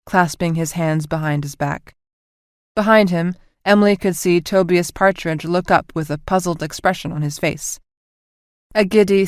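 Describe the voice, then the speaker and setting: A woman narrating a science fiction audiobook with an even, clear reading, voicing all the characters herself. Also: lowish voice, dry recording, clean studio sound.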